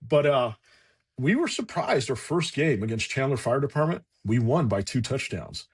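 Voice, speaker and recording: A man's voice: medium pitch, normal speed, slightly rough. A man chatting as a podcast guest, telling a long anecdote casually, acting out what people said and swearing freely. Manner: lively anecdotal, acts out quotes, swears freely. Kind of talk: casual storytelling in conversation.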